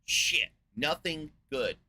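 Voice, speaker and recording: A man's voice: on the high side, expressive, takes it slowly, pushed and bright. A man in his forties from the United States, ranting in a sarcastic, profane monologue as a podcast host. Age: 40s.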